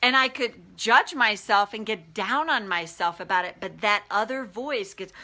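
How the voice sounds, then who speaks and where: A woman's voice: mid-range voice, unhurried. A middle-aged woman, a life coach, talking casually on a live stream and acting out the voices in her head. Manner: animated, acts out inner voices.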